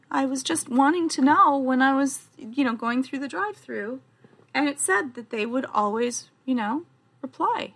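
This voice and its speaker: Woman from canada, high bright voice, playful teasing co-host, casual chat. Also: lively intonation, moderate pace, husky. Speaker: podcast co-host.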